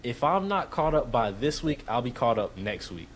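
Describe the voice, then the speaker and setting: A man in casual podcast chat with a mid-range voice that moves a lot in pitch. He rants freely in slang and keeps the talk lively. A faint hiss of noise runs under the recording. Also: normal speed. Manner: ranting, slangy, expressive. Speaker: podcast co-host.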